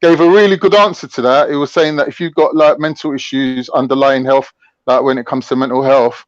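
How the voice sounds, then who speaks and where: A man's voice: medium pitch, fairly even intonation, a little fast, dry recording, lo-fi sound. A man talking in heated, boastful, slang-heavy banter on a casual show. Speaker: show regular.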